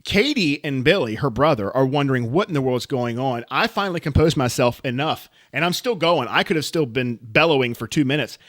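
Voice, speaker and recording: Animated man telling stories. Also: mid-range voice, fairly quick, few pauses, no room sound, clean studio sound. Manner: animated storytelling, laughs often. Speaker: podcast co-host. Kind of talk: casual chat.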